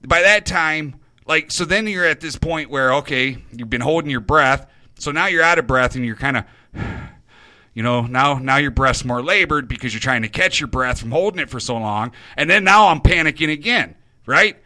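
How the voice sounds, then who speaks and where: A man's voice: a little high, lively intonation, normal speed, sharp tone, no room sound. A middle-aged man hosting an internet radio show, rambling nervously about himself in a confessional monologue, stumbling and restarting his sentences.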